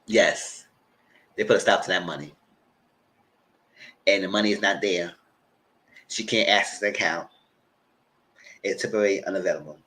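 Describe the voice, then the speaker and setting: A man hosting a TV recap channel, retelling a story loudly and dramatically, with swearing and "girl" and "y'all" asides, sometimes squealing high voices for the people he quotes. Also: normal speed, long pauses. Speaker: channel host reviewing TV. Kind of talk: animated casual recap.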